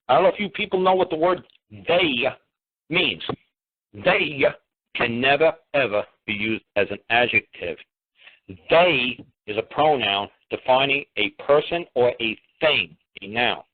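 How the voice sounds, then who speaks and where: A man's voice: medium pitch, animated, measured pace. A man on a call-in radio show, his voice thin and tinny as if coming down a phone line. He talks in a mid-range voice and hammers away with repeated, heated rhetorical questions. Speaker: radio talk show host. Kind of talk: emphatic call-in radio talk.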